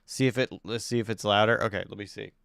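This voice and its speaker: Smooth-voiced male streamer, dry close mic. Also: on the low side, fairly even intonation, fast talker, a bit bright, no echo. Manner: fiddling with mic settings, thinking aloud, frustrated. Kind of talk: casual live-stream chat. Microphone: desk microphone.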